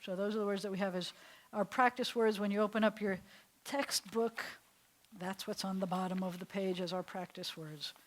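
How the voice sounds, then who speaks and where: Speaking at a normal speed with a steady, medium-pitched tone, this rabbi runs a small class of seated students. She explains things chattily, one step at a time, and asks them questions frequently.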